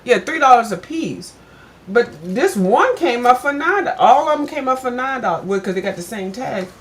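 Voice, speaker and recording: An older woman, a vlogger with a slightly high voice, tells a story in a chatty, casual way. She calls her viewers "girl" and gets animated when retelling events.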